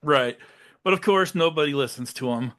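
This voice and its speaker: Bright, animated male podcast host. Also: a little high. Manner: animated retelling, slips into quick silly voices. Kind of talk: casual movie chat.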